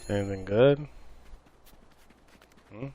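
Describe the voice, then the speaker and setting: A man's voice: on the low side, takes it slowly, background noise. A man streaming a live game with viewers, chatting loosely in a rambling, repetitive way with many fillers. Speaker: gaming streamer. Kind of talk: live gameplay commentary with viewers. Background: gunfire and game sounds.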